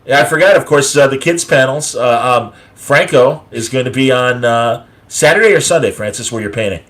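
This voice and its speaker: A man hosts a relaxed online chat, talking at an ordinary pitch. He rambles through his points, full of fillers and self-corrections. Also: moderate pace. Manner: rambling, filler-heavy listing with frequent uh and restarts. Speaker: podcast host. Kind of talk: casual chat.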